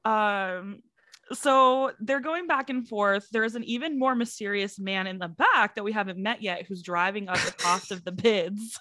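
A chatty woman co-hosts a podcast in a loose, casual recap, laughing often and slipping into quoted lines. Her voice sits at an ordinary middle pitch. The sound is dry and close. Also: normal speed, bright, forceful tone, no room sound. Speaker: podcast co-host.

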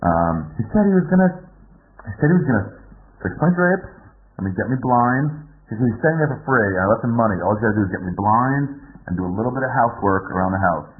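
A man's voice: mid-range voice, animated, fast talker, narrow, tinny audio. A man hosting a podcast, giving a rambling, joking introduction with a fair amount of swearing. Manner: rambling, profane and self-mocking. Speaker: podcast host.

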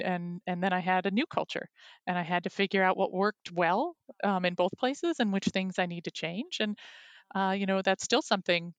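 A woman hosts an interview, affirming what her guest said with easy fillers. Her voice sits a little low and sounds smooth. The recording is dry and close-miked. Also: no echo. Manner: affirming, gentle back-channeling. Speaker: interview host. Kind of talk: conversational interview.

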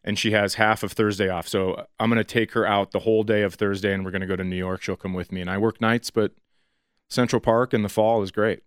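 A man's voice: fairly low pitch, level tone, fast, no room sound. A man in his forties from northern Minnesota, a comedian chatting casually in an interview and telling stories in a dry, understated way. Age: 40s. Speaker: stand-up comedian.

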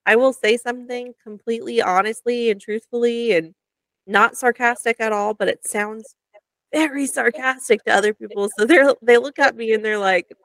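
A woman's voice: fairly high pitch, moderate pace, dry recording. A woman co-hosting a podcast in casual chat, telling stories animatedly and laughing at herself. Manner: animated storytelling with self-mocking laughs. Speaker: podcast co-host.

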